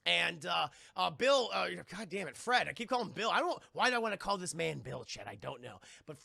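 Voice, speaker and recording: A man reviewing a cartoon on a live stream, animated and profane, talking to his chat. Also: sits high, a little fast, gravelly, dry recording. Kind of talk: casual live-stream commentary.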